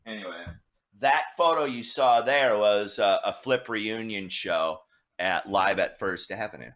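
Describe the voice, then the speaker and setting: A middle-aged man, a guest artist, telling a story casually, animated and swearing, acting out the voices of people he met. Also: on the low side, unhurried. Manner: animated, swearing, acts out dialogue.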